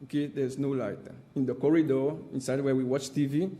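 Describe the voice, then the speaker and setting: A witness at a public hearing speaks English. His voice is dark and warm, and he talks haltingly, filling pauses with "uh". He keeps pressing his point with an insistent "my friend". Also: medium pitch, flat delivery. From Seychelles. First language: Seychellois Creole. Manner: halting, frequent "uh" fillers, insistent repeated "my friend". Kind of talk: testimony at a hearing.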